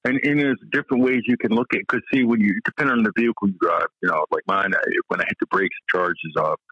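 Excitable rambling man. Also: fairly low pitch, quick pace, husky, no room sound, lo-fi sound. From American South. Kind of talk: casual chat.

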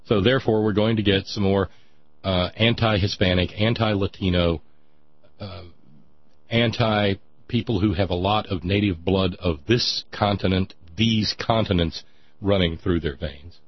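A man hosting a sarcastic political commentary monologue, mocking and dry, with a husky voice. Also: deep voice, a little slow, dull audio. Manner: sardonic, mocking, dry asides.

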